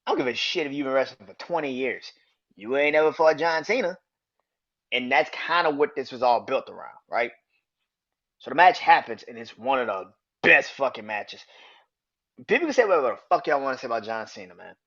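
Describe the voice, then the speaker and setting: Profane, excitable man on a podcast. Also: medium pitch, a little fast, highs cut off. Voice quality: profane, excitable, laughs often. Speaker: podcast host. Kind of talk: casual wrestling podcast rant.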